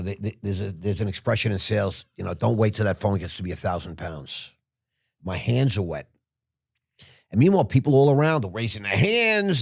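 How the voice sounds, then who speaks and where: An older man tells a long story in a loose, rambling way, often stopping and restarting mid-sentence. His voice is low and husky, with a gravelly edge. The sound is close and dry. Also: dry recording. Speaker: podcast guest. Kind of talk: casual storytelling.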